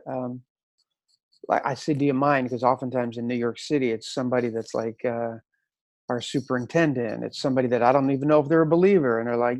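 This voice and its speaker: A man's voice: medium pitch, fairly even intonation, fast, a little mellow, no echo. Thoughtful man speaking as a podcast guest. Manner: thoughtful, hedging with "if you will". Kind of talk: reflective interview talk.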